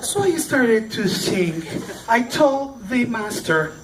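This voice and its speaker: Guy telling a funny story live, slow and playful, mic far away, noisy. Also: high-pitched. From Mexico. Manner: animated, playful, self-mocking. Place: event room at a library. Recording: distant mic with background noise.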